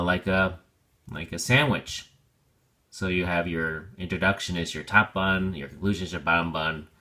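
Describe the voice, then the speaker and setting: Low-voiced and fairly bright in tone, this man leads a vocabulary lesson. He patiently explains pronunciation and meaning slowly, using everyday examples.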